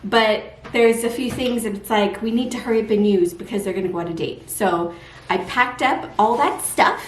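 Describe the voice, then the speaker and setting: A woman's voice: on the high side, moderate pace, slight background noise. A woman in her thirties talking candidly to camera in a casual home vlog, chatting directly to her viewers. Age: 30s. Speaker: vlogger.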